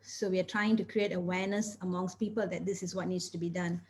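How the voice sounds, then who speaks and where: A woman's voice: fairly low pitch, fairly even intonation, fast, darkish tone. A woman physician and coach answering interview questions, explaining in an earnest, step-by-step way.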